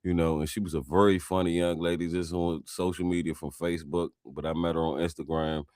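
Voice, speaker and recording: A man's voice: sits low, level tone, a little fast, a little mellow, dry recording, clean studio sound. A male comedian hosting a podcast, chatting in a laid-back, slangy way. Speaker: podcast host. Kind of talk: casual podcast chat.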